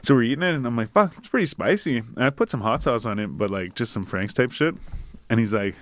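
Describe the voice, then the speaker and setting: A man's voice: fairly low pitch, fast talker, no echo. A young man casually telling a long, profane, rambling anecdote. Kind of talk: casual chat, storytelling.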